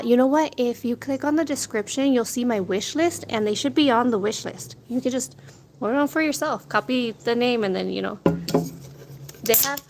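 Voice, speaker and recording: A woman chatting casually on a food vlog, laughing often and retelling what others said, outdoors on a street. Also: fairly high pitch. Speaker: food vlogger. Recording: noisy outdoor street sound. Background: street noise and wind.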